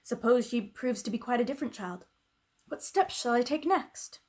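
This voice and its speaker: A woman voicing a lonely, unhappy gentleman in a storybook, musing slowly. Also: on the high side, animated, voice pushed up. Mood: brooding.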